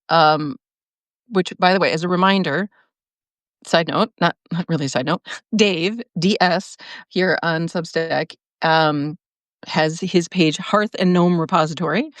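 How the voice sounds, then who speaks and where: On a dry recording, a woman with a lowish voice hosts a relaxed livestream as a podcaster. Her talk wanders freely, packed with fillers, restarts and plenty of laughing.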